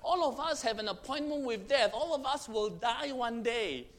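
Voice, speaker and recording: A man preaching a sermon, swinging between loud proclamation and hushed, intimate tones, with emphatic, repetitive phrasing. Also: very high voice, animated, normal speed.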